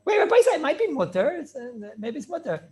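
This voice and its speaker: A man teaching an animated Torah class over a video call, firing questions and mixing in Hebrew and Yiddish terms. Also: very high voice, fast. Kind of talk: lively online Torah class.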